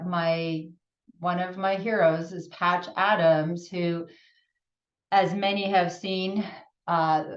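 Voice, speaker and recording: Slow, earnest Canadian woman in a roomy space. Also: medium pitch. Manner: gentle, earnest, laughs often, many restarts. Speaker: podcast host. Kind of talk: reflective solo talk. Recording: roomy, distant, dull lo-fi sound.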